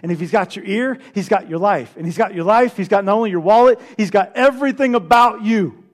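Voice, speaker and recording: A pastor with a high, bright male voice delivers a sermon to his congregation. His preaching swings between loud, forceful declarations and quiet, hushed lines. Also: a little fast.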